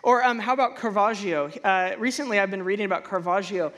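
Male pastor, casual animated sermon delivery, stammers and restarts, big loud swings for emphasis. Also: high voice, quick pace. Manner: acts out feelings in sudden loud bursts.

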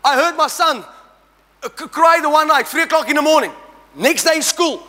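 A middle-aged man preaching a sermon to a congregation, animated and humorous, rising to shouts and drawing call-and-response. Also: very high-pitched, moderate pace. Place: church hall. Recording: church hall reverb.

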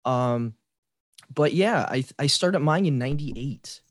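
A man's voice: medium pitch, takes it slowly, no echo, clean studio sound. A man in his forties on a podcast, eagerly telling a story in casual chat, with frequent restarts. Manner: excited storyteller, many restarts. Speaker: podcast guest, fan site creator.

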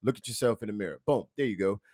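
A man's voice: lowish voice, very fast, no echo, studio quality. A man co-hosting a podcast, reading news stories aloud and breaking off into joking asides. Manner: reads headlines then breaks into loud joking asides. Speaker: podcast co-host. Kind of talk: casual chat reading news.

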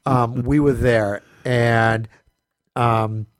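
A man's voice: medium pitch, fairly even intonation, very slow, dry recording, studio quality. A man telling a funny story in a casual chat, acting out the voices of people in it and often laughing.

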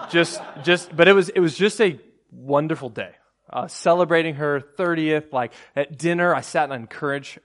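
A man in his thirties preaching, moving from a hushed prayer into a casual, self-deprecating personal story full of fillers and restarts. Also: medium pitch, gravelly. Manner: soft and hushed while praying. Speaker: pastor.

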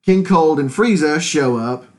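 A man's voice: fairly high pitch, unhurried. Man chatting casually as podcast co-host. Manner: opinionated, animated fan talk with laughs. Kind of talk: casual chat.

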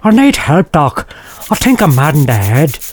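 A man's voice: fairly high pitch, big pitch swings, normal speed, noisy background. An actor playing an erratic, foul-mouthed man who hears voices, rambling and swearing in a comic audio drama. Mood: agitated.

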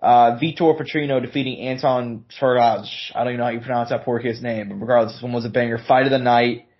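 A man's voice: medium pitch, steady tone, quick pace, dull audio. A man co-hosting a casual sports podcast in a laid-back manner, swearing freely. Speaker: podcast co-host.

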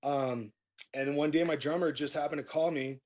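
A man's voice: on the high side, steady tone, normal speed, a little mellow. A middle-aged man, a metal band vocalist, telling his story in a casual interview, laid-back and rambling with lots of fillers and restarts.

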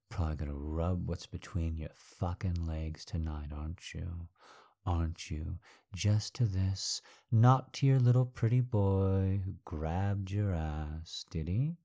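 A man performing an adult audio role-play in a domineering, taunting voice that swings between low murmurs and loud commands.

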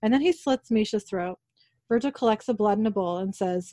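A woman's voice: medium pitch, warm tone, no echo. A woman casually narrating a recap of a TV episode, reading every character's lines aloud in her own voice and correcting herself now and then. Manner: quick narration, self-corrections.

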